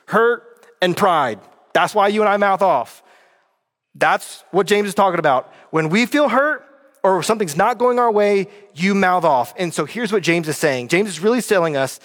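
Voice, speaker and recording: A man's voice: sits high, a bit bright. A male pastor from North Carolina preaching a sermon in a conversational way, often checking in with his listeners. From North Carolina, USA. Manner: conversational, addresses listeners directly with frequent check-in questions. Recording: long hall reverb.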